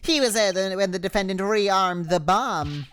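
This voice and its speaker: A man's voice: high voice, lively intonation, normal speed, fairly bright tone, soft background music, voice pushed up. A man voicing a sleazy, smug male bomb expert, his voice pushed back into the throat.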